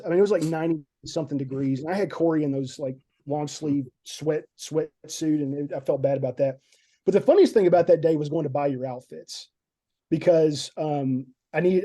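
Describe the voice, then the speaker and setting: A man talks through a story on a podcast, circling back and repeating words as he goes. His voice sits a little high, but its tone is dark and mellow. He sounds like an excited guest recounting a film shoot. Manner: rambling, repeats words when nervous.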